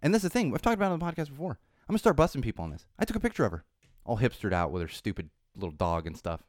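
Racing along with big swings in pitch, this man's mid-range voice comes through clean studio audio with no room sound. He's a podcast host in Los Angeles whose loose, meandering monologue builds into an indignant rant.

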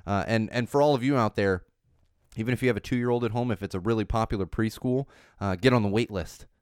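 This man's voice sits on the low side, quick and a little mellow, captured smoothly in a studio without room sound. In his thirties, he hosts a casual parenting podcast on his own, emphatic and repetitive, often restarting and using fillers.

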